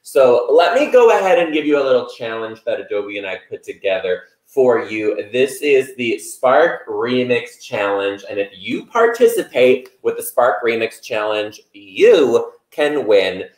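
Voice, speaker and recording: A man hosting a livestream, a comic teacher with a playful, animated way of talking. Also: medium pitch, unhurried, few pauses. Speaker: livestream host and teacher comedian. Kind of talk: hosted livestream. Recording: roomy echo.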